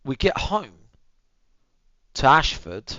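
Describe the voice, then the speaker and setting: A young male streamer tells his viewers a story in casual chat, swearing freely, calling them boys and bro, and muttering asides as he looks after his dog. His fairly high voice is very animated, bright and forceful, though he takes it slowly. The recording has no echo but sounds dull.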